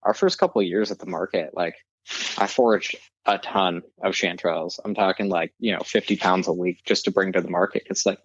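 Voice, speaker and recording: Low-voiced relaxed man, dull dry audio. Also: brisk, breathy edge, no echo. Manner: relaxed, says "like" often. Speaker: guest, mushroom grower. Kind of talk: casual podcast chat.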